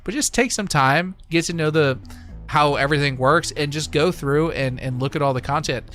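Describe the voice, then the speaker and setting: A man's voice: on the high side, normal speed, a bit bright. A man hosting a live stream in casual chat, easygoing and rambling with lots of fillers. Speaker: livestream host.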